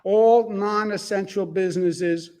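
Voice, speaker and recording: A man speaking in a measured, formal way at a press conference. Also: high-pitched, fairly even intonation, a little mellow. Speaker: governor giving a press conference.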